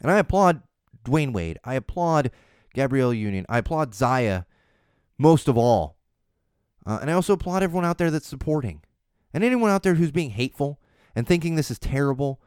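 Speaking briskly with big swings in pitch, a thirtysomething podcast host chats casually in a clean, darkish mid-range voice. He restarts often, laughs, and grows emphatic on his points. The recording is dry and of studio quality.

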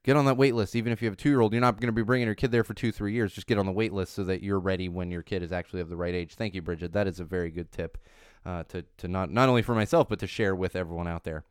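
Rapid-fire yet steady in tone, a low-voiced parenting podcast host in his thirties delivers a casual solo talk. The studio sound is clean and smooth with no room sound, and his speech is emphatic, repetitive, and packed with fillers and restarts.

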